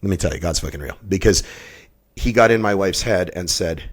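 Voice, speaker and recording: A man in his fifties sits as a podcast guest, telling his own story with raw intensity. His voice is fairly low, and he talks bluntly, swearing freely as he goes. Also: brisk. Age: 50s. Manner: blunt, heavily profane, intense. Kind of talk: emotional personal storytelling.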